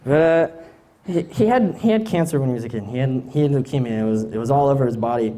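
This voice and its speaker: A man's voice: medium pitch, fast, mellow. A young man in his late teens doing live stand-up comedy on a stage mic, rambling and hesitant, often amused at himself.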